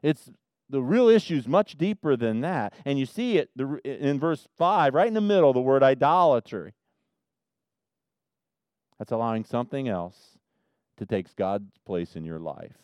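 A man preaching a sermon as pastor, swinging from loud emphasis to quiet asides. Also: medium pitch, expressive, a little slow, clear, resonant tone, dry recording, studio quality.

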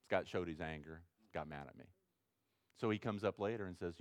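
A man preaching a sermon as pastor, acting out prayers and little dialogues, swinging from loud to hushed. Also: low-pitched, fairly quick, no room sound. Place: church sanctuary with congregation.

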